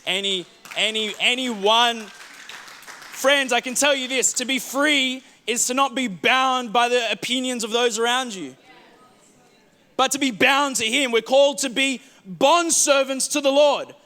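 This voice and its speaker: A man's voice: very high-pitched, measured pace, sharp tone, big-room sound, a faint crowd. A pastor preaching a sermon to his congregation, earnest and pleading, often repeating words as he presses a point. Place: church hall.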